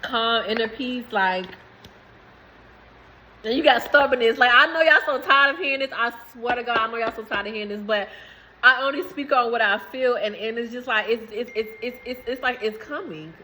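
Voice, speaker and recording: Bright-voiced emphatic woman. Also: fairly high pitch, normal speed, slight background noise, poor audio. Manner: emphatic, rambling, swears freely. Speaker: spiritual reader. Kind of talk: casual spiritual message to viewers.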